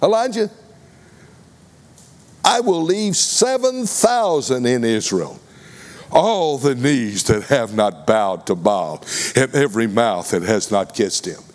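Brief: male preacher voicing God, calm, correcting, lifted tone. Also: medium pitch, slow, long reverb tail. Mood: firm.

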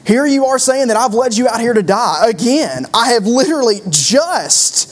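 Fields: Figure: an exasperated, weary God put on by a preacher. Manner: low, muttered disbelief. Style: acted aside in a sermon. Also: lively intonation, normal speed, lightly acted.

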